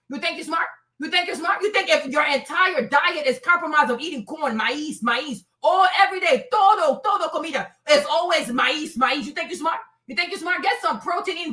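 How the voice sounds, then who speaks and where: A young woman with a very high voice rants into her streaming mic. Her tone is sharp and tense, and she keeps repeating lines and swearing. Now and then she breaks into a shout. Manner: repetitive, cursing, shouting bursts. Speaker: host. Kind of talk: heated livestream rant.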